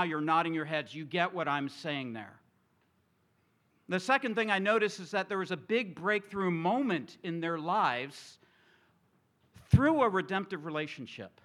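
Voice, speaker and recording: A middle-aged male pastor delivering a sermon to his congregation, asking them questions and drawing them in. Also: fairly high pitch. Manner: animated, engages congregation with questions. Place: church sanctuary with congregation.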